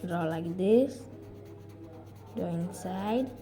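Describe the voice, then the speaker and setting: A woman's voice: lowish voice, drawn-out words, dark tone, soft background music, low-quality recording. A woman giving a step-by-step drawing tutorial in simple, repeated instructions.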